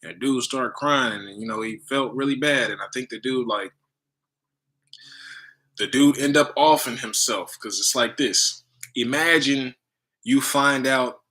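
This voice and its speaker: A man's voice: mid-range voice, a little slow, pauses often, sharp tone. A man and spiritual teacher telling a story in loose, slangy casual talk, full of "you know" and "right?".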